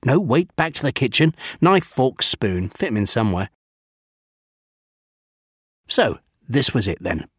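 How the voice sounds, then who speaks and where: A man narrates a storybook at an easy middle pitch. He lingers over long lists with gentle humour, and the recording is dry and close. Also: sing-song, unhurried, long pauses, breathy edge, dry recording.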